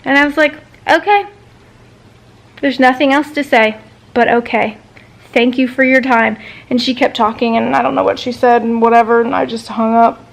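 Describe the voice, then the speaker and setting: A woman in her thirties vents straight to camera in a high, bright-pitched voice. She retells a maddening phone call with mounting exasperation, swearing freely as she goes. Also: steady tone, fairly quick, gravelly. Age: 30s. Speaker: vlogger. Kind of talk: ranting personal vlog.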